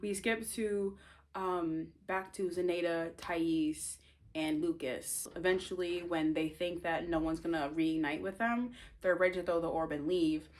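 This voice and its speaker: A woman's voice: on the low side, a little slow. A woman casually retelling the plot of her novel, chatty and rambling, teasing her viewers with asides. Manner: chatty and animated, rambling, self-interrupting.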